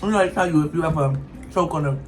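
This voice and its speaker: Animated woman vlogger with a low voice. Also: quick pace, low-quality recording. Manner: animated, talks straight to viewers, emphatic. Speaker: mukbang host. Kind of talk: casual chat while eating. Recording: faint background noise.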